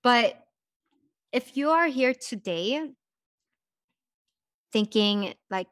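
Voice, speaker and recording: A woman's voice: a little high, expressive, drawn-out words, long pauses, a bit bright, clear, resonant tone, no echo, clean studio sound. A young woman hosting a podcast, talking casually and reflectively, with frequent "like" and light laughs. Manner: chatty, says "like" often, laughs lightly. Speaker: podcast host.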